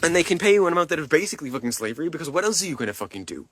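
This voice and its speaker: Young male streamer, furious sweary rant, high and husky. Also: very animated, racing, a bit bright. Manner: furious, heavy swearing, many restarts. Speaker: live streamer. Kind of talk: angry live-stream rant.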